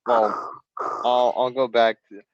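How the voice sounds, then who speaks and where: A man's voice: mid-range voice, flat delivery, slow, dry recording, highs cut off. A man co-hosting a casual sports podcast, joking dryly and defending himself. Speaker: podcast co-host.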